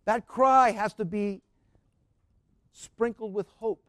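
A man preaching a sermon in a storytelling way, rising to fervent cries and then dropping soft. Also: sits high, takes it slowly, no room sound. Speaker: pastor.

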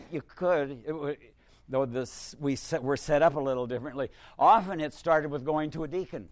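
An older male priest delivers a sermon with a slightly raised pitch. He talks to the congregation in a conversational, wry way, and he swings from emphatic bursts to hushed asides. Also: dry recording. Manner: conversational, wry, rises to emphatic bursts then drops quiet.

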